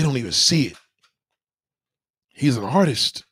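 A man with a slightly husky voice hosts a casual chat at a moderate pace, in a dry, close recording. He rants loosely and profanely, his pitch leaping around as he acts out the people in his stories with mock voices.

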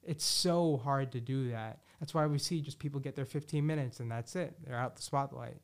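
Medium-pitched and moderately paced, a male podcast host chats on his own in a relaxed, rambling manner. Restarts and fillers abound, he swears freely, and he's enthusiastic about predicting music.

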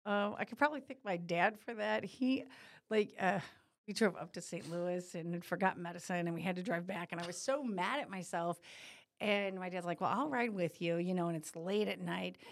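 A woman co-hosting a podcast in casual chat, telling personal stories in an encouraging, reflective way. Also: mid-range voice. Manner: warm storyteller, encouraging, reflective. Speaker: podcast co-host.

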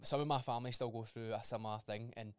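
A man's voice: medium pitch, fairly even intonation, fast, smooth, dry recording, studio quality. A young man in a casual podcast chat, blunt and swearing freely, acting out remembered conversations. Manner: blunt, swears freely, acts out quoted dialogue. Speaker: podcast co-host.

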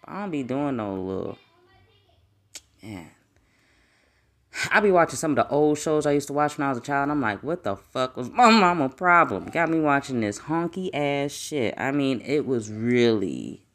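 A woman's voice: rumbling low, lively intonation, a little slow, long pauses. A young woman hosting a solo podcast, chatting casually with lots of swearing and laughter. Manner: profane, laughing, rambling. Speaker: podcast host.

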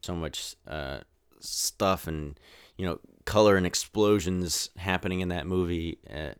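A man's voice: sits low, a little slow, clear, resonant tone, no room sound, clean studio sound. A man hosting a podcast, giving a casual, rambling movie review with lots of restarts. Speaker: podcast host.

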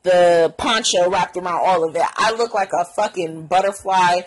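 A young woman telling a casual, profane story vlog, acting out quoted lines with lively pitch jumps. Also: moderate pace, poor audio. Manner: animated, profane, acts out quotes in a higher voice.

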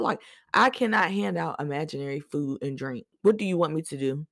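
A woman hosting a podcast, telling stories in a chatty, animated way with slang and lots of fillers. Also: deep voice, a little fast, gravelly, no room sound, studio quality. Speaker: podcast host. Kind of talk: casual storytelling chat.

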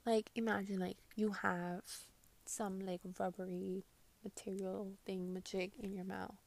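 A woman vlogging her reactions to posts in a casual, profane rant, swinging between loud outbursts and muttered asides, full of "like". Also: medium pitch, level tone, measured pace, creaky. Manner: heavy swearing and filler "like".

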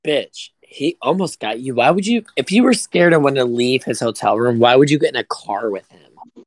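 A man's voice: mid-range voice, animated, moderate pace, no echo. A man in casual crude chat, blunt and teasing.

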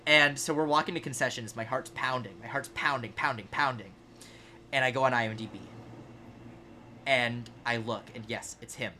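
Young male podcast co-host, bright tone, animated storyteller, self-mocking. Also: medium pitch, moderate pace, slight background noise. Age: 20s. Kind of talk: casual chat, storytelling.

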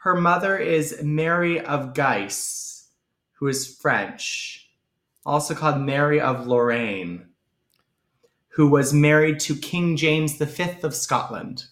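A man co-hosting a casual chat about a TV episode, quick with jokes and playful asides. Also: a little high, fairly bright tone, roomy sound. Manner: playful, quick to quip and mimic. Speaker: podcast co-host.

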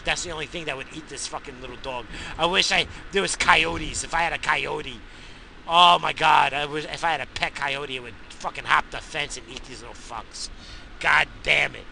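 Gravelly, sharp-voiced ranting man. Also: mid-range voice, slight background noise, low-quality recording. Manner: swears constantly, bursts into shouting. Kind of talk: profane angry rant.

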